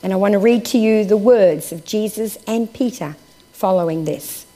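A woman delivering a sermon in a voice of middling pitch. She works through scripture passages with real expression, rising on key points and sinking to a near hush on sombre lines. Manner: expressive, swinging from raised emphasis to hushed, slow phrases. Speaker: preacher.

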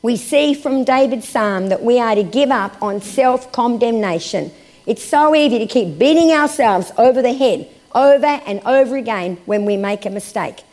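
A woman preaching a sermon and reading scripture aloud, her voice lifting for emphasis and then dropping to hushed, slow phrases. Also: a little high, lively intonation.

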